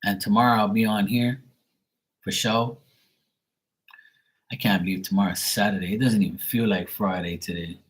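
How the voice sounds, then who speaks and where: A man's voice: on the low side, fairly even intonation, moderate pace, pauses often, poor audio. A middle-aged man talking casually and profanely on a late-night livestream, blunt and rambling. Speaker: livestream tarot reader.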